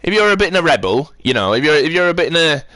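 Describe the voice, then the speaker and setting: A man's voice: a little high, big pitch swings, rapid-fire, sharp tone, no echo. A man chatting on a live stream, rambling and ranting as he answers his chat.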